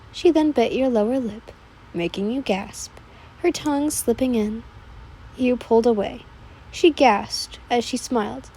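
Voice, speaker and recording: A woman narrating a listener role-play story in a soft, unhurried manner. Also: a little high, breathy edge, poor audio.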